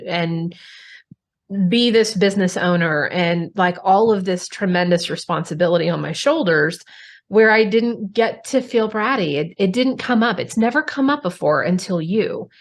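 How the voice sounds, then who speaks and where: Woman host, candid and expressive, lower-pitched, casual swearing. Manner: frank and expressive, swears casually, addresses listeners directly. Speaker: podcast host. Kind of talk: candid conversational podcast talk.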